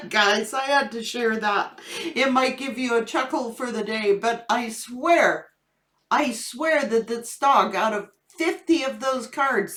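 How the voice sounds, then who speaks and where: Slow-talking tarot reader woman, echoey room. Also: on the high side. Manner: laughing, animated storytelling. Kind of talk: casual tarot reading vlog.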